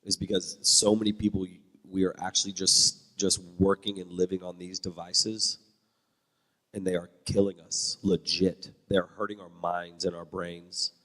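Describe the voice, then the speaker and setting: A man's voice: sits low, level tone, moderate pace, pushed and bright, big-room sound. A man who is a church leader and parent, talking bluntly and with strong opinions on a panel. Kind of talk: panel talk.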